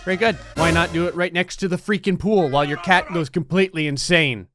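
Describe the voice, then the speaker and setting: Brief: male let's play commentator, gleeful and sarcastic, fairly high voice, quick laughs. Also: fairly bright tone, faint music behind. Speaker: gaming commentator.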